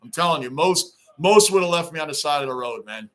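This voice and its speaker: Middle-aged male stream host, high-pitched, excitable, chatty, repeats lines for emphasis. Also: fairly quick. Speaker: livestream host reading fan chat. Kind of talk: casual livestream chat. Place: home basement.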